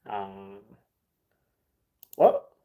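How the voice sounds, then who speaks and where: A man's voice: extremely slow, dark tone. A young man chatting casually with viewers as he reads out his live stream chat. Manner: chatty, banters with viewers, slangy. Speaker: livestream host reading chat.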